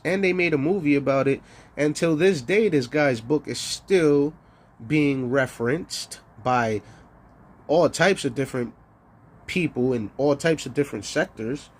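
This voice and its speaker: A man's voice: a little high, husky. Profane rambling man on a livestream. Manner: profane, rambling, searching for words; taunting, rhetorical "huh?". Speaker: livestream host. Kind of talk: ranting livestream monologue.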